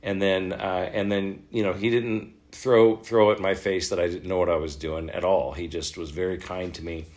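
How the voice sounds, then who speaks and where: Lively low-voiced male voice actor. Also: moderate pace. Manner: animated storyteller, acts out quoted lines, laughs often. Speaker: voice actor guest. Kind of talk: casual storytelling interview.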